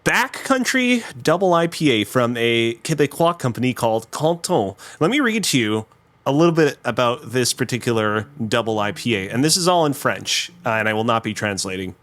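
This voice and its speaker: A man co-hosting a podcast, mid-pitched and level, explaining things in a dry, deadpan way. The recording is dry and close, with no room sound. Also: dry recording. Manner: dry, matter-of-fact, reads labels aloud deliberately. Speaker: podcast co-host. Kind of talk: casual podcast banter.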